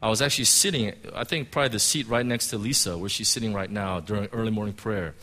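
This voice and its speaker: A middle-aged man, a pastor, giving an emotional personal testimony in church, halting and restarting as he tells it. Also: fairly low pitch, pushed and bright. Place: church sanctuary.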